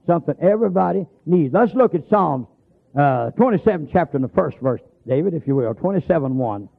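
A man's voice: on the high side, expressive, fairly quick, gravelly. A man preaching a sermon, telling folksy stories and stretching out emphatic lines. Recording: tinny lo-fi broadcast sound.

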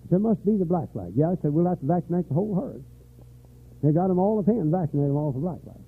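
An older man preaching a revival sermon, dropping to weary low talk and rising to shouted, high-pitched fervor. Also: expressive, fast, creaky, husky. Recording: tinny lo-fi church recording.

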